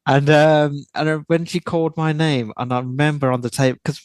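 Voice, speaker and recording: A man, a podcast guest, telling a story in a casual, animated way and often repeating words as he talks. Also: fairly high pitch, moderate pace, smooth, no room sound.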